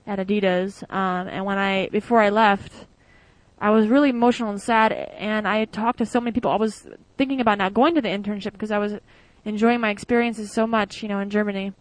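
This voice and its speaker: Young woman, from the United States, casual interview talk, chatty, lots of fillers, mid pitch, dry close recording. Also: no echo, low-quality recording. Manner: chatty, many fillers, acts out quoted voices. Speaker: former exchange student.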